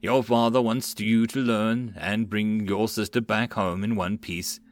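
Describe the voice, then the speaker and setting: A man voicing a calm, menacing male swordsman who serves as a retainer and speaks with lazy, chilling ease in an audiobook. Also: on the low side, unhurried, dry recording, lightly acted. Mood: cool, menacing.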